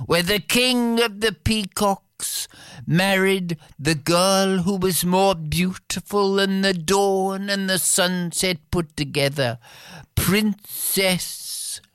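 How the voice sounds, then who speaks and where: A woman telling a fairy tale aloud in an expressive, drawn-out storytelling delivery. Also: mid-range voice, clear, resonant tone, no room sound, clean studio sound.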